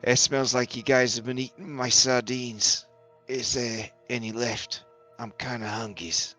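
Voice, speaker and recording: A man voicing a frantic, whiny reanimated taxidermy cat who stammers in a high, squeaky voice. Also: steady tone, a little slow, bright, forceful tone, faint music behind.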